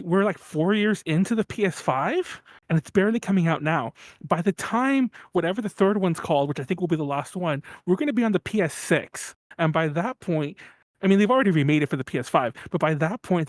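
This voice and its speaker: A man co-hosting a casual podcast, ranting quickly and laughing often. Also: high-pitched, animated, no room sound. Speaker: podcast co-host.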